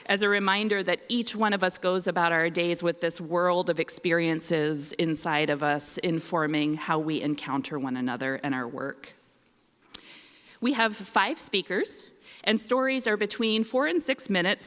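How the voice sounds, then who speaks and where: A woman hosting an event, calmly welcoming and announcing the speakers. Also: on the low side, moderate pace. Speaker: event host. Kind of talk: emcee introduction. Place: college auditorium. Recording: reverberant hall.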